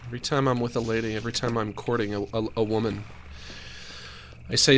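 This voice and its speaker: A man's voice: medium pitch, steady tone, fast, fairly bright tone, slight background noise. A man streaming a game, rambling through jokey asides as he plays. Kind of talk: casual gaming commentary.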